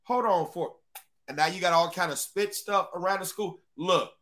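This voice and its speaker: A man's voice: high-pitched, moderate pace, fairly bright tone. A man hosting a casual livestream, talking straight to his chat with blunt, profane remarks. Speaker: livestream host.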